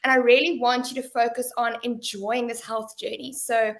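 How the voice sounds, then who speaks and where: A woman's voice: a little high, flat delivery, moderate pace. A woman, a fitness coach, speaking upbeat and friendly about her coaching style, laughing easily. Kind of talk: panel talk.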